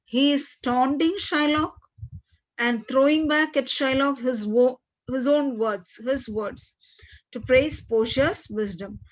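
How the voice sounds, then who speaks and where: A woman teacher explaining a play to her class, saying "okay" often and clearing her throat. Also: high voice, slow. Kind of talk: classroom literature lesson. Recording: dull lo-fi recording.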